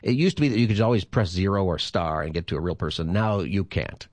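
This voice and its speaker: A man's voice: low-pitched, fast, no room sound. A man hosting a call-in radio show as pastor, chatty and laughing easily, speaking into a studio microphone. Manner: chatty, laughs easily, repeats the phone number. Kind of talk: casual call-in radio chat.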